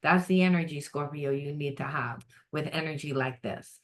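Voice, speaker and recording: A middle-aged woman giving an unscripted psychic reading, blunt and animated, swearing freely and acting out the voices she quotes. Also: sits low, moderate pace. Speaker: psychic tarot reader.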